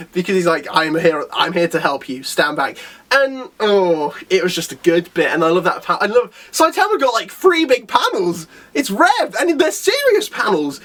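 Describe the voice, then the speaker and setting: A man reviewing a manga chapter in casual talk, rambling and enthusiastic, often dropping his voice to act out characters' lines. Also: a bit bright. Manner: enthusiastic, rambling with fillers and restarts; acts out characters' lines in a lowered voice.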